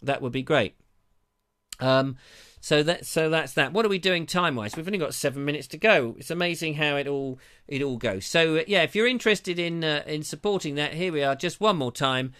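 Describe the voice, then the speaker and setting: A man's voice: fairly high pitch, a little fast, a bit bright, clean tone. A man from hosting a live show, rambling in a chatty, self-mocking way with a slightly dry throat. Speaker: show host. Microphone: lapel mic.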